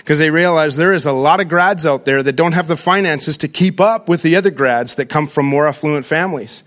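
A middle-aged man, a pastor giving an energetic, story-driven talk to a church crowd and calling them "guys". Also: fairly high pitch, fairly quick.

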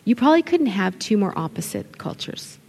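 A middle-aged woman from an Italian family, a children's ministry leader, gives an expressive, conversational conference talk to other ministry leaders. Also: mid-range voice, brisk, slightly rough. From Italian family background. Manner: expressive, conversational, quotes people in acted voices. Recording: long hall reverb.

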